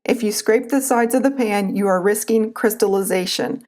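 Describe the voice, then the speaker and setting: A woman with an Appalachian accent, calmly explaining a recipe step by step as a cooking channel host. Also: medium pitch, moderate pace. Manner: calm, instructive, homespun. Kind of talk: recipe tutorial voice-over.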